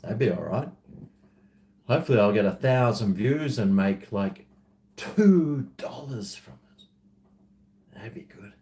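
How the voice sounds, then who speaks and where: A man's voice: lowish voice, lively intonation, a little slow, pauses often, warm tone. A man with an Australian accent chatting casually to camera, rambling and self-mocking as he drifts between asides. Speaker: vlogger.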